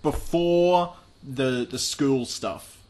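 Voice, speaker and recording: A man's voice: medium pitch, very slow, a little mellow. A young man co-hosting a podcast, casually retelling a TV episode in a dry, emphatic way. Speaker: podcast co-host.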